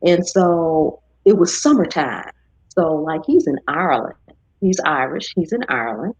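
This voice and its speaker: A woman with a husky, low-set voice chats easily as host of a live stream. Her delivery is relaxed, with lively bursts when she quotes others. The audio is dull and lo-fi, close and dry. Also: unhurried, no echo. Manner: chatty, animated when quoting others. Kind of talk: casual chat.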